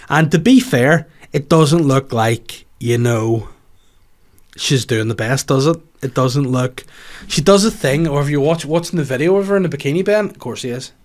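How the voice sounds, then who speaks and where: A man's voice: a little high, animated, moderate pace. A man with a Northern Irish accent hosting a comedy podcast, rambling through jokey rants with swearing. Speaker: podcast host. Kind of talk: casual comedic monologue.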